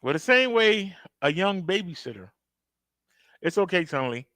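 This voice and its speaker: The host of this reaction video has a high, bright, pushed voice with big pitch swings and a moderate pace, captured in a dry recording. Talking directly to viewers in a casual, emphatic way, he dramatizes outbursts while telling a story.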